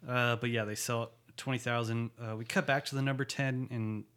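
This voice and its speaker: A man's voice: mid-range voice, fairly even intonation, fairly quick, a bit bright, clean tone. A man in casual chat, recapping a TV episode with a co-host, laughing often and slipping into character voices. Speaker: podcast co-host.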